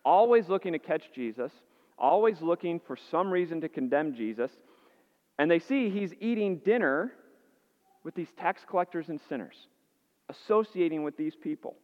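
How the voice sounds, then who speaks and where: A man's voice: on the high side, animated, normal speed. A male pastor preaching a sermon to his congregation. He asks the listeners earnest rhetorical questions and repeats words as he restarts phrases. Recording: dull, echoey hall sound.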